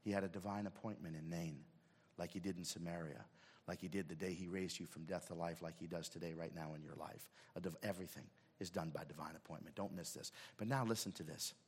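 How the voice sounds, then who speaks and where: A man preaching a sermon as pastor, swinging from hushed asides to shouted emphasis. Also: low voice, fairly even intonation, fast, breathy edge, long reverb tail. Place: church sanctuary.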